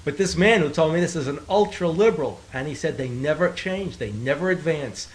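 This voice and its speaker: A male co-host making wry, quick asides in casual banter. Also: on the high side, animated.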